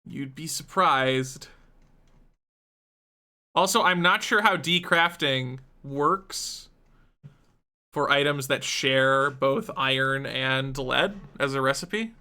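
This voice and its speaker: A man's voice: medium pitch, slow, pauses often, bright, forceful tone, clean tone. A man streaming a game live, thinking aloud in a chatty, self-deprecating way. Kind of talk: live-streamed gameplay commentary.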